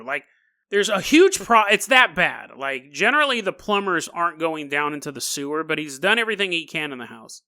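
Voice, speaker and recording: A man's voice: fairly high pitch, very animated, fairly quick, sharp tone. A man hosting a comedic storytelling podcast, joking and laughing often, with frequent asides to the listener. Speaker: podcast host.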